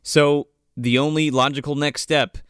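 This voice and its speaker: A man's voice: on the high side, unhurried, clean tone, dry recording, studio quality. A man co-hosting a casual movie-riffing podcast, acting out scenes in mocking voices. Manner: animated, acts out characters in mocking voices. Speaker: podcast co-host.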